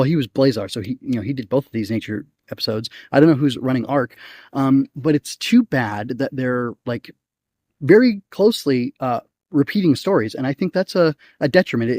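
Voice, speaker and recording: A man's voice: medium pitch, a little mellow, no room sound, studio quality. A man hosting a casual solo podcast, reviewing an episode in a rambling way with frequent ums and likes, recorded outdoors. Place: outdoors in nature.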